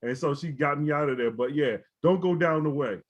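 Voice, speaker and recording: A man's voice: on the high side, fairly quick. A man telling a story in casual chat, laid-back and often asking "right?". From Baltimore. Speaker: co-host. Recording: slightly dull audio.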